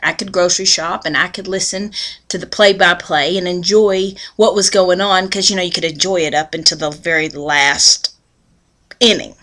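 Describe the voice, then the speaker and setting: A woman's voice: on the low side, steady tone, normal speed, bright, forceful tone. A woman giving a devotional talk that mixes folksy storytelling with earnest preaching. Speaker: devotional speaker.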